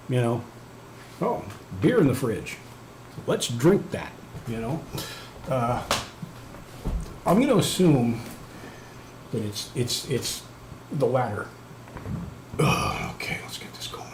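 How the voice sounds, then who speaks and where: Medium in pitch with a darkish tone, this livestream host from Canada keeps things loose, mocking himself and filling his rambling with false starts and filler words. Faint background noise and room echo surround him.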